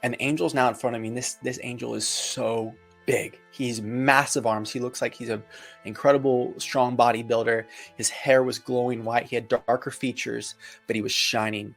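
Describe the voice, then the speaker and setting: Man, mid-pitched, earnest testimony storyteller, vivid dramatic pauses, light music bed. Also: steady tone, creaky, fairly bright tone. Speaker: near-death experience witness.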